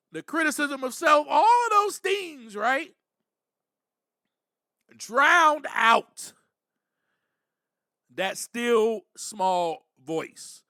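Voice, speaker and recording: A man's voice: very high-pitched, bright, forceful tone, dry recording, clean studio sound. A man hosting a podcast, giving earnest, reflective spiritual recovery talk, with frequent "you know" and bursts of emphasis. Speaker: podcast host.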